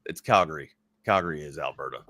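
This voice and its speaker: A man's voice: extremely low pitch, bright, forceful tone. A man co-hosting a sports talk show, chatting casually and rambling, often correcting himself mid-thought. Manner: rambling, self-correcting, quick asides.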